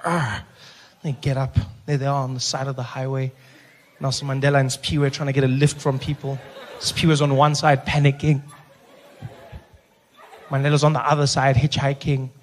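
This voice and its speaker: A young man with a South African accent doing animated stand-up comedy on stage, telling stories with playful voices. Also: mid-range voice, normal speed, pauses often, a little hiss or hum. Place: live venue with audience.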